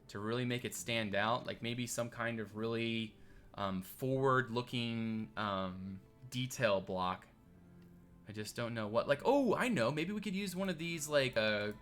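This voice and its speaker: Bright-voiced man chatting while he builds. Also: mid-range voice. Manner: rambling, thinks aloud, reads and answers chat. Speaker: streamer. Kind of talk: casual live-stream commentary while building.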